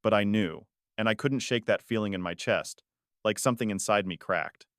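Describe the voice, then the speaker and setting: A man reading a first-person family story aloud in a measured, dramatic way. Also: lowish voice, a bit bright, no room sound, studio quality. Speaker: story narrator. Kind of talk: scripted narration.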